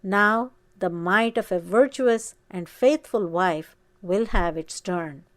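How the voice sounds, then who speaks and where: A woman reading aloud voices the devoted, saintly wife of an ancient sage, speaking slowly and emphatically. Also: medium pitch, no echo, lightly acted. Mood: reassuring. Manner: solemn, slow and emphatic.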